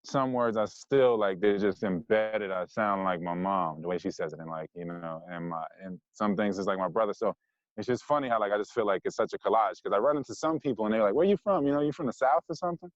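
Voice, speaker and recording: A man's voice: on the low side, a little fast, no echo, muffled recording. Rambling man with a mixed American accent. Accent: mixed American, Californian with Jersey and Detroit touches. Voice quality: slightly nasal. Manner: loose and rambling, many "like" and "you know what I mean" fillers. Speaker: podcast guest. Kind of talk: casual conversational interview.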